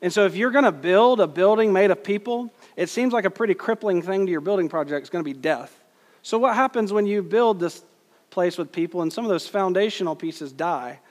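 A man preaching a sermon as pastor, earnest and emphatic, slowing down to stress quoted words. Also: sits high. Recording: long hall reverb.

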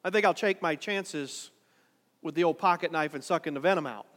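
A man preaching a sermon in a dramatic way, swinging between quiet, drawn-out lines and loud, urgent ones. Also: fairly high pitch, in a large hall. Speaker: pastor.

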